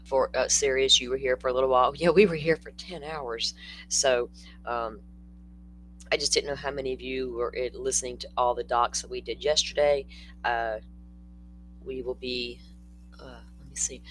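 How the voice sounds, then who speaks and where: An older man hosts a casual true-crime livestream, chatty and blunt as he answers comments from the chat. His voice sits at a middling pitch, with a faint hum under the recording. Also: steady tone, moderate pace, fairly bright tone, poor audio.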